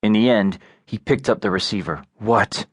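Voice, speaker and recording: A male audiobook narrator reading fiction in a measured, even delivery on a close studio mic. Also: fairly low pitch, breathy edge, no echo. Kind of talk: scripted narration.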